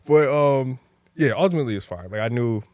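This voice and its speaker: A young man with an ordinary mid-range voice talks like a relaxed podcast guest, easygoing at first, then more animated and laughing as his stories build. The sound is dry and close, with no room around it. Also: medium pitch, brisk, no echo. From New Jersey. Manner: laid-back, animated when telling stories, laughs often. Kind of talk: casual storytelling chat.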